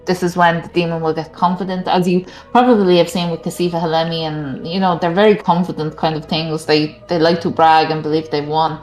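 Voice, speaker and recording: A woman's voice: fairly low pitch, flat delivery, brisk, hardly any pauses, a little mellow. A woman playing a tabletop game, who hesitantly explains her character's plan step by step. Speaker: player. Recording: echoey room with music behind.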